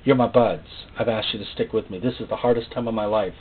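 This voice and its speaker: A man preaching a sermon in a folksy, joking way, acting out little voices and rising suddenly to loud, high outbursts. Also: fairly even intonation, quick pace, husky. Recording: tinny phone-like sound.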